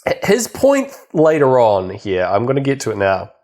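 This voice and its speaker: A man's voice: mid-range voice, huge pitch swings, normal speed, a little mellow. A young man co-hosting a podcast, casually recapping a film with lots of fillers and laughter. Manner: rambling, many fillers, laughs often. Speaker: podcast co-host.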